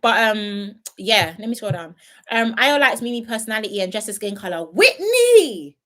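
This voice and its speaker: A woman's voice: medium pitch, moderate pace, sharp tone. A young woman casually chatting on a live stream, reading viewer comments with playful asides, frequent laughs and trailing ums. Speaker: reality show commentator.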